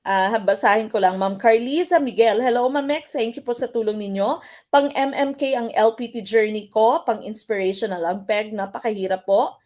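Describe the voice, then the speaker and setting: A woman's voice: fairly high pitch, brisk, a little mellow. A woman teacher with a Filipino accent leading a live-streamed exam review, switching between English and Tagalog and reading out viewer comments. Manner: mixes English and Tagalog, reads out viewer comments, drills stress patterns.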